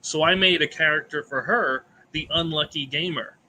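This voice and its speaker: A man's voice: a little high, moderate pace, sharp tone, a little hiss or hum, rough recording. A man who designs indie games chats eagerly in a convention panel, rambling with many restarts. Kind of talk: casual convention panel chat.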